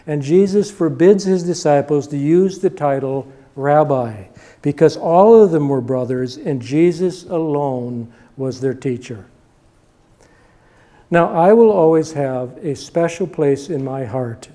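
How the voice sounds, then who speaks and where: An older male pastor delivers a sermon in a mellow, warm-toned voice pitched a little above the usual for a man. He hammers his points home with short, punchy repetitions. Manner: emphatic, repeating short punchy lines.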